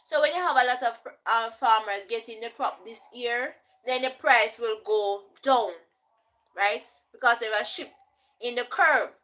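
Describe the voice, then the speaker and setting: A young woman with a Jamaican accent talks casually to camera as a vlogger. Her voice is bright and forward and sits a little high. She explains step by step and keeps checking in with her listener. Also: measured pace, poor audio. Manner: chatty, checks in often with "right?".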